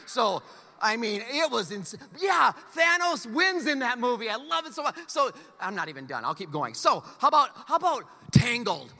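Animated preacher man in a big hall. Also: very high voice, moderate pace. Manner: animated storyteller, playful ranting. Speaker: pastor. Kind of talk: sermon. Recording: long hall reverb.

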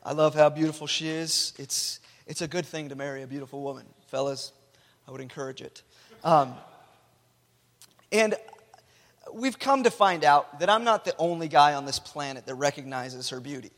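Male pastor, a bit high-voiced, chatty sermon delivery, long church-hall reverb. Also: moderate pace, fairly bright tone. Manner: conversational, repeats words when restarting.

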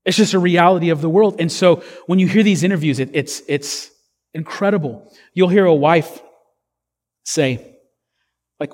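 A man's voice: a little high, normal speed, long pauses, darkish tone, long reverb tail. A man preaching a sermon as pastor, earnest and conversational, with fillers and restarts.

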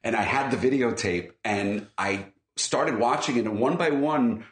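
A man chatting casually as an interview guest, telling animated stories in a chatty way. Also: mid-range voice, unhurried. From New Jersey. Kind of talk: casual conversation. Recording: echoey room.

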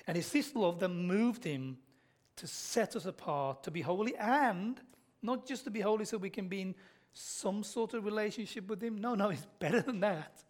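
A man with a Black Country accent preaching a sermon, earnestly and directly addressing his listeners, often dropping to soft, intense tones. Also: sits high, lively intonation, moderate pace. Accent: Black Country English.

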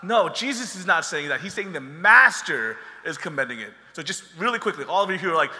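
A man's voice: a little high, expressive, fairly quick, hardly any pauses, bright, forceful tone, big-room sound. A man preaching a sermon as pastor, talking in a conversational way and joking with the congregation.

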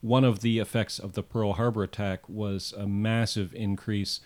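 A man's voice: fairly low pitch, level tone, normal speed, darkish tone. Man telling history on a podcast. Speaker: podcast co-host. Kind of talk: casual history podcast storytelling.

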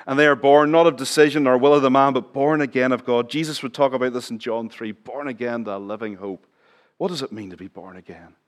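A middle-aged man preaching a sermon in church, chatting with the congregation, asking them questions and dropping his voice low for emphasis. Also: a little fast. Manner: conversational, asks the congregation questions, drops to near whisper for emphasis. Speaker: pastor.

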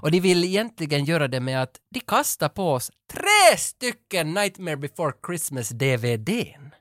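Brief: male podcast host, bouncy higher voice, dry close mic. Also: sing-song, moderate pace, fairly bright tone, no echo. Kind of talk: casual podcast chat.

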